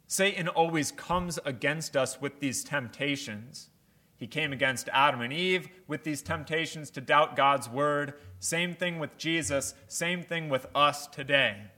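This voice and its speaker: A man preaching a sermon at an unhurried, deliberate pace. His voice is bright and slightly high for a man, with firm emphasis on key phrases. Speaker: pastor.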